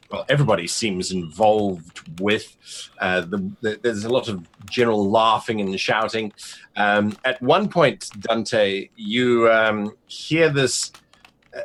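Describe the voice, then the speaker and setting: A man's voice: fairly low pitch, fairly bright tone. A man running a tabletop game as game master, narrating in a rambling way with many fillers.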